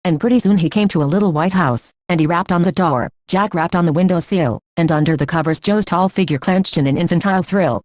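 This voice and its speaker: A woman reads a short story aloud for an audiobook, her pace steady and measured. Her voice sits on the low side, and the recording is dry and close, with no room echo. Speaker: audiobook reader. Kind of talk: scripted story narration.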